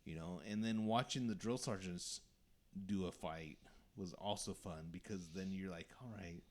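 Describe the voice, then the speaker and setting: A young man hosting a podcast, telling stories in a casual, animated way and swearing often. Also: low-pitched, normal speed. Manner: swears a lot, animated storytelling. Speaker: podcast host.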